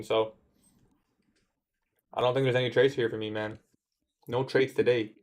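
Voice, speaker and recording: A young man chatting casually on his day-trading livestream, answering viewer comments in a laid-back way. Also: medium pitch. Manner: laid-back, says "bro" often, talks back to chat.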